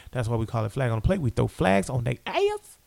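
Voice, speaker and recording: Gravelly, animated podcast co-host man. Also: medium pitch, brisk. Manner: loud, animated trash talk. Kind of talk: casual sports chat.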